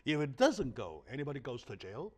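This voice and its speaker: A man's voice: medium pitch, sing-song, brisk, breathy edge. Host role: man, Chinese native speaker, punchy rhetorical delivery, keeps asking "right?". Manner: emphatic, asks rhetorical questions, frequent "right?". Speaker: talk show host. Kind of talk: animated interview talk.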